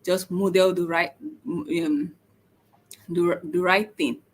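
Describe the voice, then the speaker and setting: A woman's voice: lowish voice, fairly even intonation. Patient woman teaching parents. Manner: patient, repeats points, frequent "okay?" check-ins; halting, with many "um" pauses. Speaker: speech and autism educator. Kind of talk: informal teaching talk to parents.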